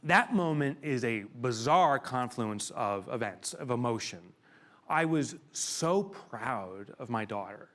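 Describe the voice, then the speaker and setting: Middle-aged male keynote speaker, lively pitch, emotional storyteller with loud outbursts, before a live room. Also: takes it slowly. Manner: animated, emotional storyteller who bursts into loud exclamations. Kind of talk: live storytelling talk to an audience.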